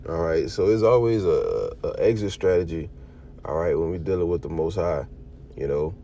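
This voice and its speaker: A man's voice: low-pitched, animated, moderate pace, warm tone. A man teaching a casual bible study, talking in a loose, conversational way full of "all right" and "you know," and reading verses aloud with emphasis. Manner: reads scripture aloud with emphasis.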